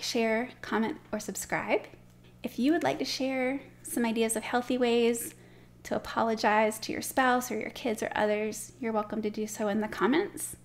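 An earnest woman gives plain advice in a casual vlog. Her tone stays gentle and sincere. Her voice sits somewhat high for a woman. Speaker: Christian marriage blogger.

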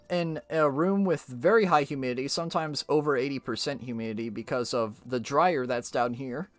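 Lively man streamer explaining things. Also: medium pitch, dry recording. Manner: animated, rambling explanations. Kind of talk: casual chat while gaming.

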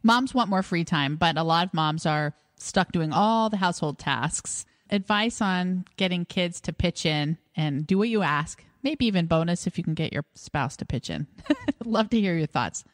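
Woman interviewer, upbeat and affirming, low voice, heard from a distance with long reverb. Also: lively intonation, moderate pace, studio quality. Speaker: podcast interviewer. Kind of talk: casual conversational interview.

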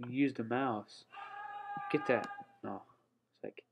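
Slow-talking young guy narrating games. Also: mid-range voice, fairly even intonation, muffled recording, a little hiss or hum. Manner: frequent startled "oh" exclamations while playing; hums "da da da" while concentrating. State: slightly out of breath. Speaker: gaming channel host. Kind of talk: casual let's-play commentary.

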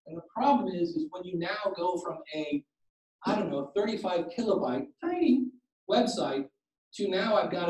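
A man giving a podcasting workshop to a live audience, animated and jokey, acting out quoted exchanges. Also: high voice, slight background noise. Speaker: workshop presenter. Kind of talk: conference talk with slides and Q and A. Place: conference room. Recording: roomy, distant room mic.

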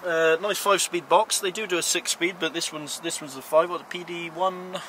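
A man's voice: on the high side, moderate pace. A man presenting cars in a casual, enthusiastic vlog walkaround, talking emphatically and playfully. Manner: playful, emphatic, lively rises on praise. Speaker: car vlogger presenting cars. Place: outdoors beside parked cars. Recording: outdoor street noise behind.

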